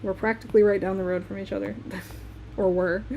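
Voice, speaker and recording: Young Midwestern woman, mellow voice, relaxed live-stream chat while sketching, faint room hum. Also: medium pitch, fairly quick, vocal fry, lo-fi sound. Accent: Midwestern American. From Michigan, USA. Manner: chatty, laughs often, talks while working.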